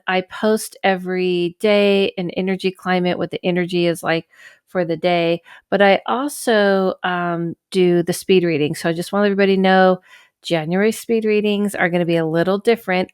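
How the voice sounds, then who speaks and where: Woman podcast host, chatty and rambling, smooth even tone, dry sound. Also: mid-range voice, moderate pace, dry recording. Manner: chatty and rambling, with frequent asides and self-corrections. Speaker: podcast host and psychic medium. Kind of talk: casual podcast chat. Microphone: camera microphone.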